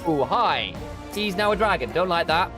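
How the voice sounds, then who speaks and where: A man's voice: sits high, expressive, moderate pace, music in the background. A man chatting casually while streaming a game, chatty and self-deprecating, with some stumbles. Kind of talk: casual gameplay chat.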